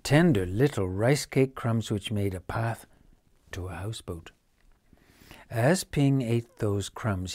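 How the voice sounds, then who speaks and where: A man reading a children's bedtime story aloud, gentle and dropping to a hush at quiet moments. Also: on the low side, unhurried, no echo.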